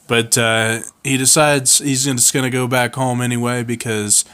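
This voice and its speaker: A man telling an improvised comic story in a halting way, full of pauses and throat clearing. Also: mid-range voice, fairly bright tone. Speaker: co-host storyteller.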